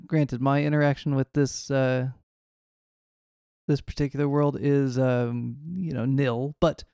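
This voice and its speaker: Gravelly-voiced American man, rambling. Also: fairly high pitch, dark tone, no room sound, clean studio sound. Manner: rambling, jokey, mimics other voices. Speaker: podcast co-host. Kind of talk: casual movie discussion.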